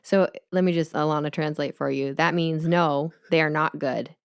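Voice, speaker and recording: Low-voiced woman with a lisp, dry teasing podcast cohost, super dry close sound. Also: steady tone, normal speed, gravelly, clear, resonant tone, no echo. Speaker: podcast co-host. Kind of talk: casual chat.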